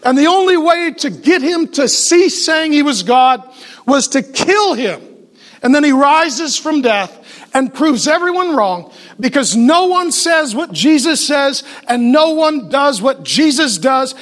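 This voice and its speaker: Man preaching, really high voice, emphatic, fires off rhetorical questions and little jokes. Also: lively intonation, measured pace, a bit bright. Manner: joking asides to the audience. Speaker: pastor. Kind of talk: sermon.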